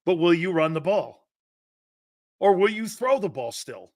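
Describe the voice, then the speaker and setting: A man's voice: sits high, very animated, a little slow, a little mellow, dry recording, clean studio sound. A man hosting a sports talk stream, ranting in a combative, sarcastic way, swearing, repeating his points and answering chat comments. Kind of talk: livestream sports rant.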